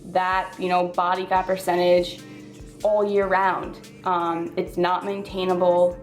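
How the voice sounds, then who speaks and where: A woman's voice: on the low side, flat delivery, slow pace, faint music behind, poor audio. A woman in her twenties talks through a personal vlog, on the verge of tears, heavy on "like" and "um". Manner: heartfelt, filler-heavy talk with frequent "like" and "um". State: tearful, on the verge of crying. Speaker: fitness vlogger.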